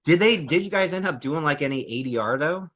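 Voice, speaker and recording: A man's voice: on the high side, expressive, fairly quick, fairly bright tone. A man hosting an interview, casual and chatty, laughing often and using a lot of fillers. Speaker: interview host. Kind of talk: interview conversation.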